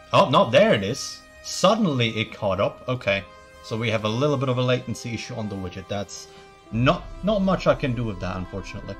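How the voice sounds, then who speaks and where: Slow-talking man streaming casually. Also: medium pitch. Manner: rambling, stumbling restarts, mock-formal asides. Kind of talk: casual live-stream chat.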